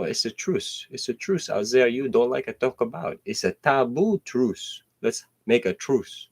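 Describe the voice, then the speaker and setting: A man hosting his own solo show, rambling in a profane stream-of-consciousness monologue that slips into half-rapped verses and swings between loud outbursts and low mutters. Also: expressive, measured pace, vocal fry, few pauses, husky.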